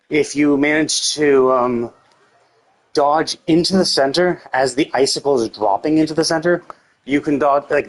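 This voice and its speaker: A man streaming a video game, rambling casually and venting his annoyance with lots of swearing and filler words. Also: mid-range voice. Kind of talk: casual gameplay commentary.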